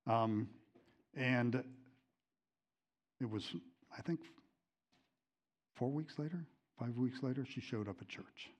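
A man's voice: mid-range voice, takes it slowly, pauses often. A middle-aged man teaching a Bible lesson, telling a personal story in a conversational way with many fillers and restarts, at times emotional.

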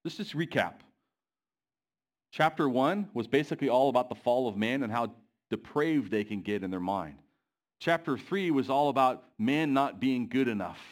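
A man delivering a sermon in a church, often pausing to put questions to the congregation. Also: mid-range voice, lively intonation. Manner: asks the congregation questions, pacing varies. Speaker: preacher.

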